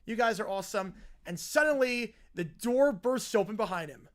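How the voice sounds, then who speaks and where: A man's voice: high-pitched, expressive, moderate pace. Streamer guy chatting live, reading out a story and cracking up at it. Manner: chatty, laughs at what he reads.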